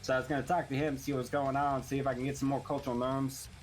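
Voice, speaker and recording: A man taking his turn in a tabletop game, talking in a folksy, laid-back drawl. His voice sits at an ordinary pitch, and his questions trail off. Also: flat delivery, fast talker, faint music behind. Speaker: player. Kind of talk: in-character play.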